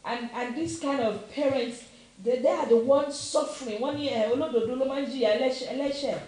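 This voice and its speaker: Fast-talking and warm-toned, this high-pitched middle-aged Nigerian woman speaks with a Nigerian accent. As a commentator she gives an impassioned opinion talk, hammering repeated questions and mixing in Yoruba phrases. The very echoey room carries faint noise.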